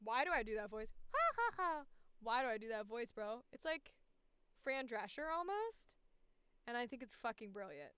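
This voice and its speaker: A woman's voice: fairly high pitch, lively intonation, a little slow, fairly bright tone, clear, resonant tone, no echo. A young woman voice actor streaming casually, profane and self-mocking, muttering to herself at a close mic. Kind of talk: casual live-stream chat.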